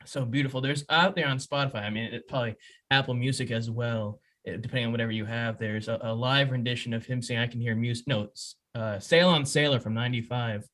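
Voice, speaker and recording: A man's voice: medium pitch, steady tone, fast talker, fairly bright tone. A man hosting a podcast interview, chatting casually as an eager fan with self-deprecating asides. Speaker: podcast host.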